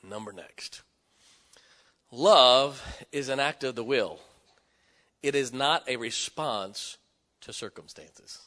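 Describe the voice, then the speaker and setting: A man's voice: on the low side, unhurried, pauses often, fairly bright tone. A middle-aged man preaching a sermon, joking and folksy, with sudden emphatic rising bursts. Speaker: pastor. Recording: long hall reverb.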